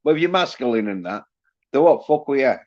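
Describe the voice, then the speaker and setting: A man's voice: medium pitch, animated, brisk, a little mellow, muffled recording. A man hosting a livestream, ranting in a rambling, boastful way with constant swearing. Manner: profane, boastful, laughs at own jokes. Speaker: livestream host.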